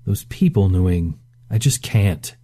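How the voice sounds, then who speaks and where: A man voicing a gruff, stubborn ex-fighter. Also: deep voice, animated, takes it slowly, warm tone, exaggerated voice. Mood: bitter.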